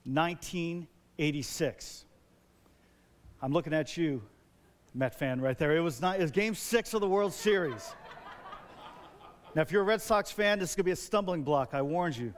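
A man in his forties preaching a sermon as a pastor, telling stories with lively, building excitement. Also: on the high side. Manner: animated storytelling, grows loud and excited. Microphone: wears a microphone.

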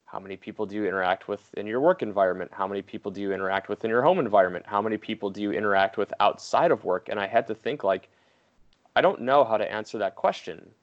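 A man's voice: lowish voice, quick pace, highs cut off. A man co-hosting a podcast, explaining earnestly in casual chat, with some hesitant fillers. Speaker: podcast co-host.

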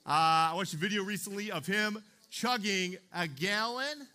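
Young guy youth pastor preaching, high voice, super bright, keeps going "okay? right?". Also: moderate pace. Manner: chatty, keeps asking the room "okay?" and "right?". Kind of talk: youth sermon.

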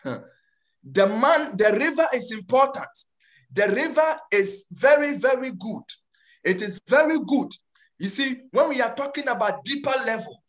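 Woman preaching with emphatic repetition. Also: fairly high pitch. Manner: repetitive, emphatic, frequent restarts. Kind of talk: sermon.

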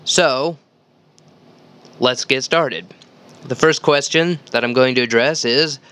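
A man's voice: mid-range voice, takes it slowly, bright, forceful tone, clear, resonant tone. A man hosting a solo Bible teaching podcast, talking earnestly and conversationally and reading scripture aloud. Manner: earnest, conversational, with restarts and repeated phrases. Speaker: podcast host.

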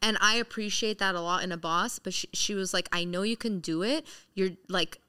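A young woman in her twenties hosts a relaxed podcast conversation. Her voice is bright and smooth, and she laughs a lot and fills her talk with "like". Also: medium pitch, a little fast. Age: 20s. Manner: laughs often, chatty, uses lots of "like". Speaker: podcast host. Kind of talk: casual chat.

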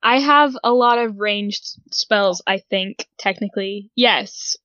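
A woman playing a tabletop game, speaking in an unhurried way and reading the rules aloud. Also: medium pitch, sharp tone, dry recording, dull audio. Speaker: player.

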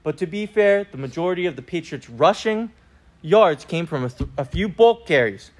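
A man's voice: fairly high pitch, normal speed. A young man co-hosting a casual sports podcast, ranting and joking brashly about football. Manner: brash, joking, animated rants. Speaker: podcast co-host.

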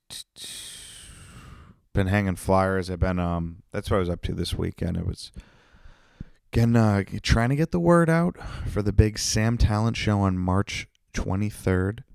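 A man's voice: deep voice, vocal fry, darkish tone, no room sound, clean studio sound. A man hosting his own podcast in a casual, rambling monologue, swearing a lot and joking at his own expense. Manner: rambling, swears constantly, self-deprecating jokes. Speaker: podcast host.

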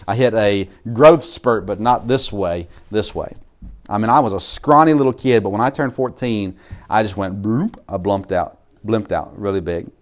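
A man preaching a sermon as pastor, talking in a loose, conversational way with asides, restarts and small laughs. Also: fairly low pitch. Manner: conversational, self-interrupting, laughs at own asides.

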